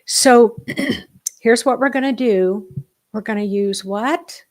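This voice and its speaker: A middle-aged woman with a slightly high voice leads a live online spiritual workshop. She speaks in an animated, emphatic way, swinging between quick bursts and slow, hushed asides.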